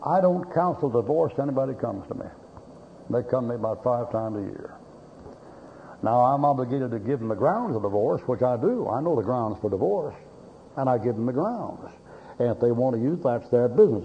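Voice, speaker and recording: Delivering his sermon at a middle pitch, this man packs it with homespun anecdotes and frank jokes, performing each character's voice. His intonation is lively and his pace fairly brisk. Underneath, the dull, low-fidelity recording has a light hiss.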